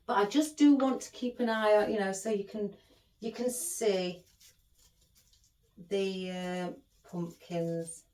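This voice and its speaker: Hosting a craft tutorial, a middle-aged woman speaks slowly with long pauses in a medium-pitched, slightly mellow voice. She's chatty, rambling and fond of her viewers, recorded in an echoey room.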